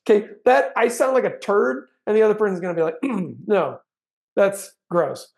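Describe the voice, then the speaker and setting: Man, middle-aged, gravelly voice, sales trainer, chatty teaching talk, acts out example lines. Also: high-pitched, fast, darkish tone.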